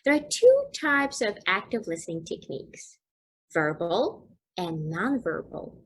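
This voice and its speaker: Slow, husky woman teaching English. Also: mid-range voice, sing-song. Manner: slow, careful explaining with examples. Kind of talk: teaching a lesson.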